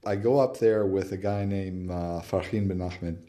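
A man's voice: low-pitched, fairly even intonation, unhurried, warm tone. A male anthropologist, a guest on a radio interview, telling stories animatedly with frequent fillers and restarts. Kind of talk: casual radio interview storytelling.

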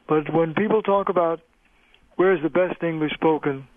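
An older man, a linguist, explaining things in a measured lecturing way during a phone-in radio interview. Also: a little high, no room sound. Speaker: linguist guest. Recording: tinny phone line.

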